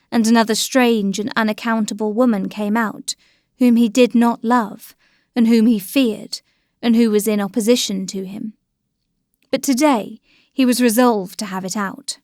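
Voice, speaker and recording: A woman narrating a classic novel as an audiobook, in a measured, even storytelling manner. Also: on the high side, no room sound, clean studio sound.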